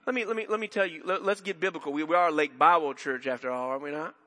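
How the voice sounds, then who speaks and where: Man preaching, fairly high bright voice, chatty rambling delivery, long hall reverb. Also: quick pace. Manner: conversational, rambling with repeated restarts and asides. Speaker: pastor. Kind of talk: sermon. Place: church sanctuary.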